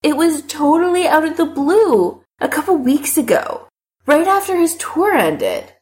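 A woman's voice: high-pitched, animated, measured pace, darkish tone, pitched above the performer's own voice. A woman reading an audiobook voices a miserable young man who speaks in a terse, subdued way. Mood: upset. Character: glum, weary young man, miserable and blunt. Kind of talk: audiobook character voice.

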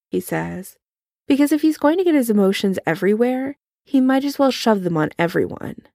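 A woman giving a calm, measured fan fiction audiobook narration. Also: medium pitch, vocal fry, no echo, studio quality.

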